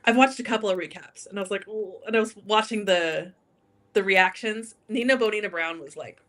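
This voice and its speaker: A woman's voice: mid-range voice, a little fast, a bit bright. A woman guest on a talk show, telling a story casually, acting out quotes and laughing often. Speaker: guest, drag king entertainer.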